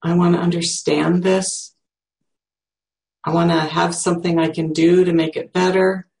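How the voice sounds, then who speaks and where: A sixty-year-old teacher speaks in a creaky voice of middling pitch. The talk is slow and reflective, with pauses, as they think aloud and search for words. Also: flat delivery, a little mellow. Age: 60s. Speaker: teacher demonstrating self-empathy. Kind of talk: reflective spoken demonstration.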